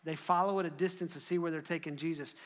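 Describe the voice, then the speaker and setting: High-voiced male preacher in an echoey hall. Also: quick pace. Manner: animated storytelling, often restarting phrases. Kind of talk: sermon.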